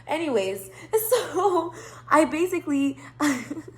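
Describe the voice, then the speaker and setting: A woman's voice: high-pitched, big pitch swings, slow pace, a little hiss or hum. A woman hosting her tarot channel, telling a rambling storytime monologue with lots of swearing, laughter and asides.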